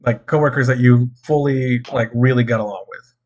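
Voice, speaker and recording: A laid-back man chatting casually as a co-host, speaking softly and often trailing off. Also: mid-range voice, steady tone, brisk, dull audio. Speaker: podcast co-host. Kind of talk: casual chat.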